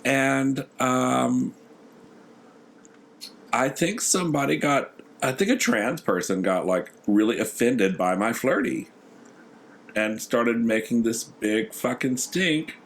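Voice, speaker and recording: A man's voice: medium pitch, animated, slow, a little hiss or hum. A man from Texas with a Texan accent, co-hosting a podcast and telling stories in a sassy, profane, casual way. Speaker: podcast co-host. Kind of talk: casual chat.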